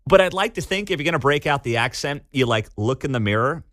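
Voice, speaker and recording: A man's voice: medium pitch, animated, fast, fairly bright tone, no room sound. A man hosting a talk radio show, giving sarcastic, incredulous commentary and taking calls. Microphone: studio microphone. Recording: dry studio sound.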